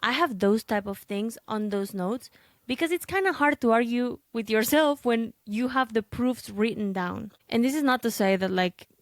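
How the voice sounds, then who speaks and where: A woman's voice: on the high side, normal speed, no room sound. A young woman hosting a podcast, talking in a casual, chatty monologue full of fillers and little asides. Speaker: podcast host and content creator.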